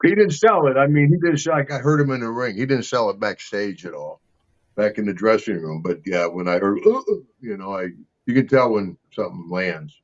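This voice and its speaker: A man's voice: on the low side, brisk. An older man, an interview guest, telling casual rambling stories and laughing often between them. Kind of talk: casual storytelling. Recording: slightly dull lo-fi sound.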